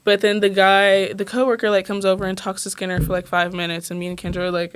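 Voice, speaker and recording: Young woman, podcast co-host, casual story time, laughs a lot, constant "like", medium pitch. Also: fast talker, background noise. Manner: animated, laughing, says "like" constantly.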